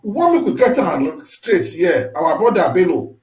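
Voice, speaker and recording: A man with a Nigerian Pidgin accent hosting an interview, asking drawn-out, animated questions. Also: high-pitched, roomy sound, poor audio. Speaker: host.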